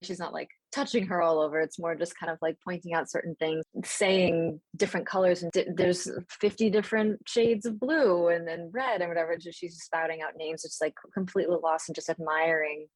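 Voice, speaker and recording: A woman running a tabletop role-play game as game master, describing the scene in a relaxed, loose way. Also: on the low side, a little fast, hardly any pauses, no echo, poor audio. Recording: dry close sound.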